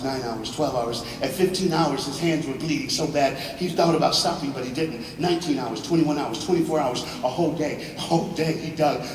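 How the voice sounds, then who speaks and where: A man with a higher voice tells a dramatic story to students, dropping to a hush and then rising to a shout, with joking asides. He speaks in a large auditorium with long reverb. The mic sits well away from him, with a little background noise. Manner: swings from hushed to shouting, with joking asides to the crowd. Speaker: motivational speaker. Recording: echoey hall, far mic, faint noise.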